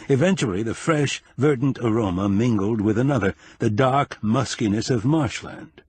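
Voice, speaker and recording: A man narrating an audiobook in a measured, expressive storytelling manner. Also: fairly low pitch, slightly rough, no echo.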